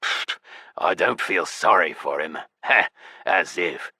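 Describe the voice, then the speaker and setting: A man voicing a gravelly grumbling devil. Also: low-pitched, slow pace, pushed and bright, no echo, exaggerated voice. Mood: offhand. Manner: grumbling and dismissive. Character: gruff skeptical male devil, lazy companion. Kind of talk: audiobook character voice.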